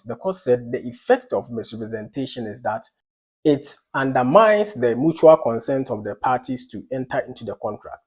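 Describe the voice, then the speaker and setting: Husky man teaching law. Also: medium pitch, warm tone. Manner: explanatory, emphatic, works through examples step by step. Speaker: law lecturer. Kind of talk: recorded law lecture.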